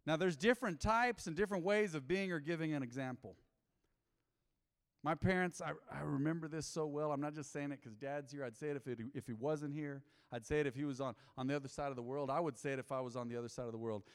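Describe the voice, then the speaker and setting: A man preaching as a pastor in a church, emphatic, swinging between loud bursts and quiet asides, calling on the congregation to answer back. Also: fast, smooth. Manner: emphatic, big swings in pitch and loudness; calls for congregation responses. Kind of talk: sermon. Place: urban church. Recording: long hall reverb in a church.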